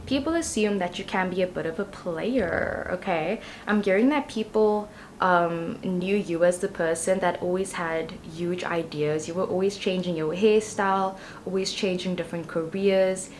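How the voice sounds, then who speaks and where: A woman's voice: fairly low pitch, slight background noise. A young woman giving a casual tarot reading to camera, chatty and rambling with lots of fillers. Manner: chatty and rambling, many ums and you-knows. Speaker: tarot reader.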